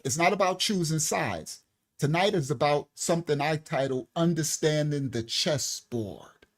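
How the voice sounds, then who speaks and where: Animated man preaching to his listeners. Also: high voice. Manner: emphatic, repeats himself, keeps checking in with listeners; colloquial, loose street talk. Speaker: ministry host. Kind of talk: preaching-style commentary to viewers.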